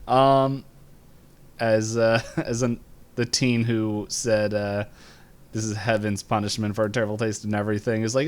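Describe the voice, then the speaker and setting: A man co-hosting a podcast, casually retelling a cartoon episode, laughing often and jumping up in pitch to act out lines. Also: a little slow, long pauses. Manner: laughs while retelling scenes, voices lines with jumps in pitch. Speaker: podcast co-host.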